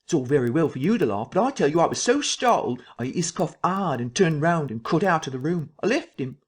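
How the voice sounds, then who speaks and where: A man voicing a jittery middle-aged man who recounts a fright, breathless and rising into shrill excitement. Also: a little fast, slightly rough. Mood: insistent.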